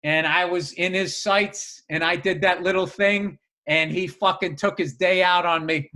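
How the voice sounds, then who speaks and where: A man with a high, bright voice swaps profane stories on a podcast. He talks loosely and with lots of swearing as he builds a story. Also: steady tone, measured pace, few pauses. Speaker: podcast co-host. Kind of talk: casual comedic storytelling.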